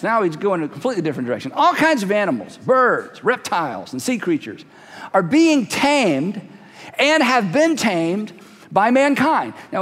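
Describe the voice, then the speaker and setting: A man preaching a sermon as a pastor in a church, emphatic, slowing down to stress key words. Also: high voice, a bit bright, long reverb tail.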